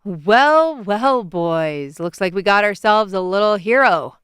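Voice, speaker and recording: A drunk young college hockey player slurs his taunts with a swaggering, leering edge, a woman narrator putting him on. The voice stays smooth and full, close and dry with no room around it. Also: medium pitch, expressive, slow, fairly bright tone, no echo. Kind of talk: audiobook character voice.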